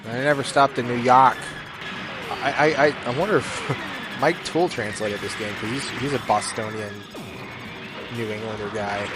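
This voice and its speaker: A man giving rambling, jokey gameplay commentary, with sudden loud bursts of excitement. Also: mid-range voice, normal speed. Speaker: gaming YouTuber. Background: game music.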